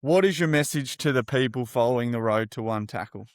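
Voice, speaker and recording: An Australian man hosting an interview, enthusiastic and lively with his guest. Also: medium pitch, fairly quick, no room sound, studio quality. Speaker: podcast host. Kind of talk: upbeat interview.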